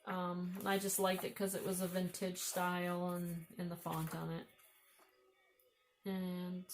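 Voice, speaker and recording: Soft music plays behind a woman whose lowish voice stays flat at a normal pace. Speaking in an Upper Midwest American accent, this vlogger does a relaxed show-and-tell of thrifted vintage books, admiring the pictures and thinking out loud.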